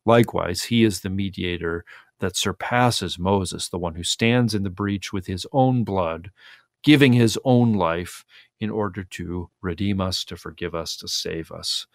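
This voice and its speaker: A man, a pastor, giving earnest, teacherly Bible commentary on a talk show, acting out scripture quotes in lively voices. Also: sits low, measured pace, dry recording, clean studio sound.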